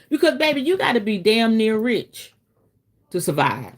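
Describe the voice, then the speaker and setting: A woman hosting a casual teaching stream, talking straight to her viewers in a chatty way and breaking into dramatic, animated asides. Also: on the high side, a little fast. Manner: chatty, addresses viewers directly. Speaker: host, spiritual teacher.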